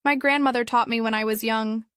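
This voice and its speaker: Woman voicing a warm, cookie-baking neighbor lady. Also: fairly high pitch, fairly even intonation, brisk, clean tone, no room sound, clean studio sound, close to an everyday voice. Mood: friendly. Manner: warm and kindly. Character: warm friendly female neighbor who bakes.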